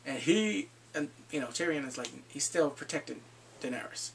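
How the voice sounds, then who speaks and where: A man reviews a TV episode in a loose vlog recap, his voice sitting a bit high with a gravelly edge. He gets worked up, swears often, and slips into quick impressions of the characters. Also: slight background noise. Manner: excitable, profane, acts out quoted lines.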